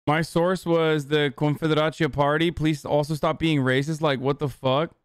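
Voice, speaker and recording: A man streaming a casual reaction, talking in a profane, sarcastic, rapid-fire way into a close desk mic. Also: fairly high pitch, flat delivery, clean tone, no room sound.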